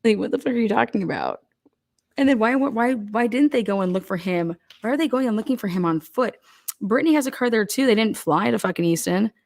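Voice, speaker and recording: A woman's voice: on the high side, lively intonation, brisk, vocal fry, darkish tone. Blunt, heated woman commenting on a case. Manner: blunt, heated, rhetorical questions. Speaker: true crime commentator. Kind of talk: casual, profane true crime commentary.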